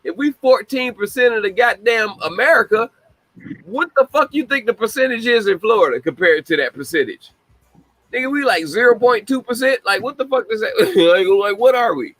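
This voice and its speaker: Man with a high voice, podcast host, blunt profane commentary, laughs often, dry close sound. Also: expressive, normal speed, fairly bright tone, dry recording, low-quality recording. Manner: blunt, frequently laughing, swears heavily.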